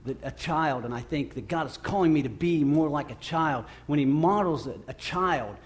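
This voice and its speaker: Earnest man preaching, slightly high voice. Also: normal speed. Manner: earnest and conversational, repeats phrases for emphasis. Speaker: pastor. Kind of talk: sermon.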